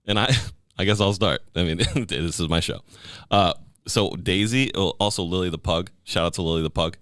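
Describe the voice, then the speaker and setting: A man's voice: low voice, normal speed, fairly bright tone, no echo, studio quality. A male podcast host chatting casually, joking and laughing a lot. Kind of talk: casual chat.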